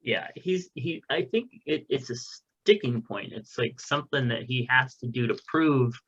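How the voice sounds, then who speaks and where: A blunt man co-hosting a podcast who swears casually as he gives his opinions. His voice is middle-pitched, and the sound is slightly dull and lo-fi, as if the highs have been shaved off. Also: animated, measured pace, fairly bright tone, breathy edge. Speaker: podcast co-host. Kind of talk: casual chat.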